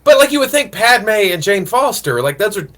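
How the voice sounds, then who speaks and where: A man co-hosting a podcast in casual banter, a father who trades dry, teasing deadpan quips. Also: high voice, moderate pace. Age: adult, father of a son. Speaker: podcast co-host.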